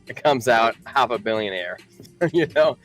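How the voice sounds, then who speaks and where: A man's voice: medium pitch, expressive, moderate pace, a bit bright, soft background music, rough recording. A man co-hosting a live crypto show, chatting casually with a joking, chuckling manner and reading out news items. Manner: joking, chuckling, repeats himself. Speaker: co-host of a crypto livestream.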